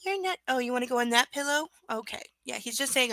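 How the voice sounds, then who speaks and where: A woman's voice: high voice, expressive, fast, a bit bright, low-quality recording. A woman chatting casually on a live stream, rambling and playful, sometimes slipping into baby talk with her pets. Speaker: streamer reading aloud.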